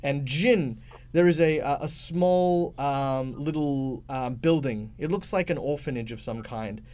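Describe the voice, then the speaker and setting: A man's voice: mid-range voice, measured pace, darkish tone. A man with an Australian accent narrating as game master of a tabletop game, hesitant and full of fillers. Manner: hesitant, many fillers and restarts.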